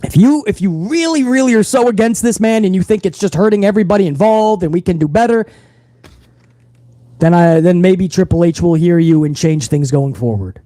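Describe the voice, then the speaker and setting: A man's voice: high-pitched, a little fast, mellow, no echo. A man hosting a wrestling livestream, talking casually and profanely straight to his viewers.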